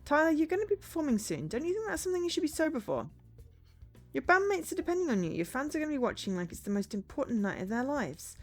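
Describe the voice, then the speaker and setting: A woman's voice: medium pitch, expressive, a little fast, hardly any pauses, a little mellow, slightly rough, soft background music. A woman reading as Hannah, a firm young band manager. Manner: incredulous, firm.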